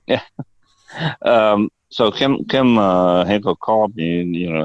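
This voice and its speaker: An older man with a deep, low voice tells stories as a guest, wandering into digressions and peppering them with curses. The audio is dull and lo-fi, with a dry, close sound. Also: lively intonation, takes it slowly, no echo. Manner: rambling and profane, prone to digressions. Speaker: interview guest, actor. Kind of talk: casual storytelling interview.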